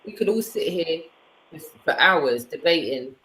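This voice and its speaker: A woman's voice: low-pitched, expressive, a little slow, sharp tone, a little hiss or hum, poor audio. Defiant British woman, blunt and slangy. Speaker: co-host. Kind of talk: casual online conversation.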